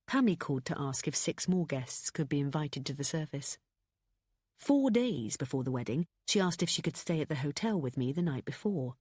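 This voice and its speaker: A woman narrating a thriller audiobook in an even, measured storytelling manner. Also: low-pitched, slightly rough, dry recording, studio quality.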